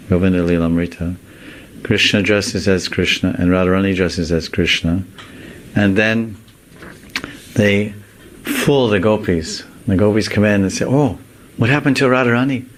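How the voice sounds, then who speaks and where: A monk teacher giving a devotional sermon in slow, deliberate, animated storytelling. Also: male voice, low-pitched, slight background noise, poor audio.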